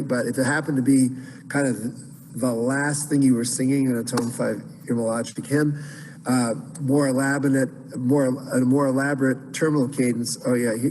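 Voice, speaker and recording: A man's voice: mid-range voice, darkish tone, in a large hall, slight background noise, low-quality recording. A man teaching Byzantine chant in an online class, explaining casually with many fillers and restarts.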